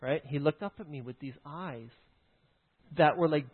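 Husky man over a tinny line. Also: on the high side, moderate pace, pauses often. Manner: keeps checking in with "right?" and "okay?". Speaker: teacher. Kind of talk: explaining through a personal story.

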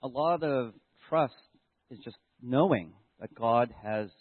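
A man's voice: medium pitch, slow pace, dry recording. A man giving a casual Sunday sermon, retelling a Bible story to children and reflecting aloud, with many restarts. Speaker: church member giving a Sunday message. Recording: dry, tinny phone-like sound.

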